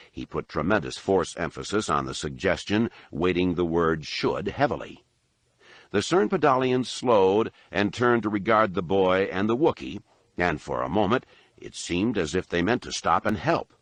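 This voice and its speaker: A man's voice: low voice, fairly bright tone, dry recording. A man narrating a novel audiobook expressively and doing voices for each character.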